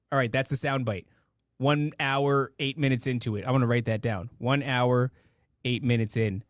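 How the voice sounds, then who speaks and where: On a casual live stream, a male host jokes around with repeated silly catchphrases, stammering and restarting as he reads out donation amounts. His medium-pitched voice has lively intonation and a slightly quick pace. The studio-quality recording has no room sound.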